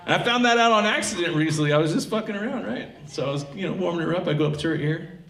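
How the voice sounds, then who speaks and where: A man from Tacoma doing a profane, animated stand-up comedy set on a live theatre stage. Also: sits high, rapid-fire. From Tacoma, Washington. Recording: echoey live theatre with crowd laughter. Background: audience laughing and clapping.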